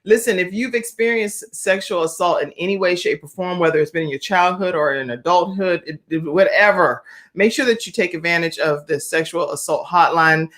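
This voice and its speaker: A woman hosting a live online talk show, chatty, reading viewer comments aloud with lively emphasis. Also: on the low side, a little fast. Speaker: host.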